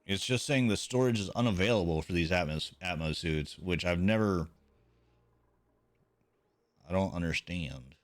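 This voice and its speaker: A man's voice: deep voice, moderate pace, pauses often. A man streaming a video game, chatting casually with viewers in a laid-back, rambling, self-mocking way and swearing now and then.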